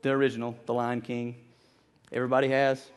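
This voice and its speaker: A man preaching a sermon to his congregation, earnest and animated, often repeating words as he builds his point. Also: mid-range voice, fast, smooth. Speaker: pastor.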